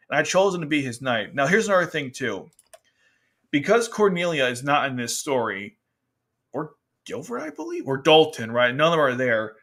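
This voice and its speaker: Man, casual commentary, bright voice, mid pitch, chatty, acts out quotes. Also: quick pace. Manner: chatty, animated, quotes characters in exaggerated voices, laughs often. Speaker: anime review host.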